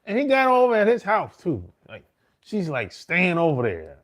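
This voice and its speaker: Man, middle-aged, slangy, profane, swaggering storyteller, fairly high voice. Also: huge pitch swings, moderate pace, fairly bright tone. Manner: profane, slangy street talk with frequent "man" and "bro"; boastful, swaggering. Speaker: host. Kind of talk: casual storytelling monologue.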